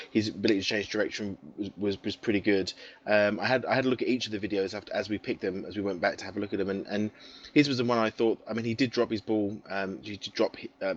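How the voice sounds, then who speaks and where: A man's voice: fairly low pitch, highs cut off, a little hiss or hum. A man co-hosting a casual sports podcast, talking in rambling bursts with restarts. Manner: rambling, many restarts and fillers. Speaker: podcast co-host.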